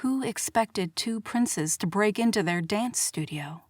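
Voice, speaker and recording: A woman's voice: medium pitch, no echo. Woman narrating a romance audiobook, dry sound. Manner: measured, expressive storytelling. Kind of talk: scripted narration.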